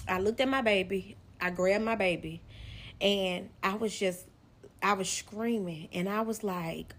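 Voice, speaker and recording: A young woman vlogger telling a personal story straight to camera, animated and emotional, speaking directly to her viewers. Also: mid-range voice, unhurried. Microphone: phone or camera facing the speaker.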